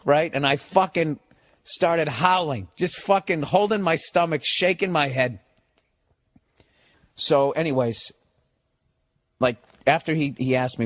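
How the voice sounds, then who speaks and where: Comedian man, fairly high voice, swearing and cracking up through a story. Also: slow pace, pauses often, no room sound. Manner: profane, animated, laughing through the telling. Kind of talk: casual comic storytelling.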